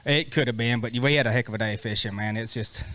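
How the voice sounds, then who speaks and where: A man's voice: mid-range voice, fast talker, a bit bright, no echo. A man being interviewed after a fishing tournament, speaking in a plain, matter-of-fact way. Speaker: tournament angler.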